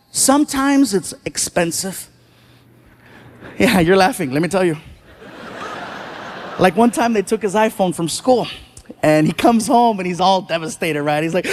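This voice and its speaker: A man performing stand-up comedy, telling stories animatedly and acting out the people he quotes. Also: high voice. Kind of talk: stand-up storytelling. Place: comedy stage before a live audience.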